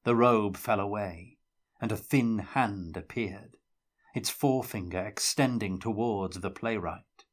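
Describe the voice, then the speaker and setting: Man, fiction reading, measured and dramatic, low pitch, slow pace. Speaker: narrator reading a novel aloud. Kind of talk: audiobook-style fiction reading.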